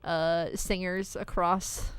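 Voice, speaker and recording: Woman co-host for casual radio chat, smooth clear voice, dry close mic, keeps things on track. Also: on the low side, level tone, takes it slowly, no echo. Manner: chatty, steering the talk back on track.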